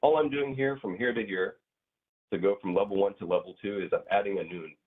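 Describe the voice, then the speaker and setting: A very low, husky-voiced man teaches grammar over a thin, phone-like connection. He rambles through his points with plenty of fillers and acts out little everyday scenes to make them clear. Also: fairly quick. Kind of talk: casual online class explanation. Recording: tinny phone-like audio.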